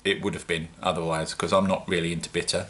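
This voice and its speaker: A man's voice: low-pitched, level tone, fast, fairly bright tone. A man with a British accent, chatting casually and rambling a little in a self-mocking home-brewing vlog. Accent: British English.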